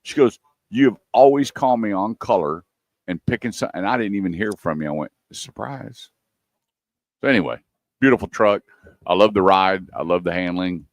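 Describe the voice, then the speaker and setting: A low-voiced man spins a casual story on a radio show. He acts out each quote as he goes. The sound is dry and close. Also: a little fast, dry recording.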